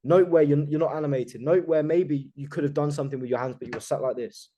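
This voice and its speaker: A man's voice: on the high side, steady tone, fast talker, warm tone. A man coaching a group on a video call, talking emphatically and with total self-assurance, swearing casually.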